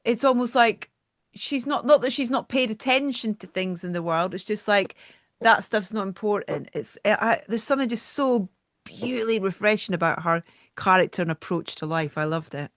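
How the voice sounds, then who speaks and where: A woman's voice: medium pitch, moderate pace, fairly bright tone, dry recording, clean studio sound. A woman hosting a podcast interview over a video call, effusive and often trailing off mid-sentence. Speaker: podcast host. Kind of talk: casual interview chat.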